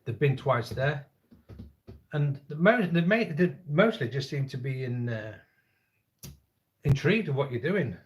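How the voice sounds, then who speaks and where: A man hosting a camping live chat. His voice sits at an ordinary middle pitch, and he talks in a loose, cheeky way with frequent laughs and the odd swear word. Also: lively intonation, measured pace, pauses often. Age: adult parent. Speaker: camping live-stream host. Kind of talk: casual live chat storytelling. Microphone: live-stream setup.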